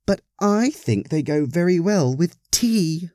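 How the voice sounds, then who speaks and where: A man's voice: medium pitch, sing-song, a little slow, mellow, no echo, clean studio sound, voice pushed up. A man voicing a fussy, sly churchwoman in a storybook reading, lifting his voice well above his own. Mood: sly, prim.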